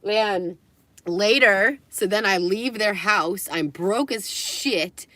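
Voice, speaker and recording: A woman's voice: mid-range voice, slow pace, pushed and bright, no echo. A young adult woman livestreaming, telling a personal story in a candid, rambling way, swearing and laughing between phrases.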